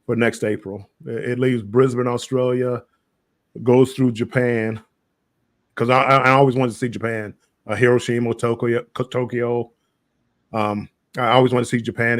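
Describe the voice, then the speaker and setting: A man's voice: mid-range voice, no room sound. American guy rambling about trips, trips over his words a lot, dry close sound. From United States. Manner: halting, repeats words, chuckling storyteller. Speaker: guest. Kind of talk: casual livestream chat.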